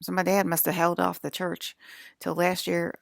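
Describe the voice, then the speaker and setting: In a clean studio recording with no echo, a woman in her forties hosts a livestream channel, delivering a rambling spiritual monologue. Her fairly low, gravelly voice stays monotone at a moderate pace as she angrily scolds and swears at her viewers, often restarting her sentences.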